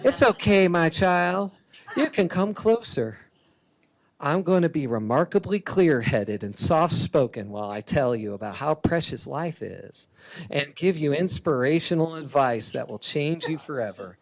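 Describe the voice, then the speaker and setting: A man voicing a serene dying mother who gives calm, wise parting advice in a soft-spoken way. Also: on the high side, unhurried.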